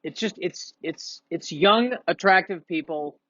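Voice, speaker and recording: A man's voice: high-pitched, measured pace, bright, forceful tone, no room sound, dull audio. A man doing a casual, rambling, self-deprecating monologue, with sniffles and frequent restarts. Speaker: comedian vlogger.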